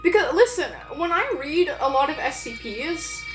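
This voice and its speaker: A woman's voice: high voice, expressive, moderate pace, over music. Rambling streamer woman, echoey room. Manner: rambling, many fillers and restarts. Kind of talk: casual live-stream chat.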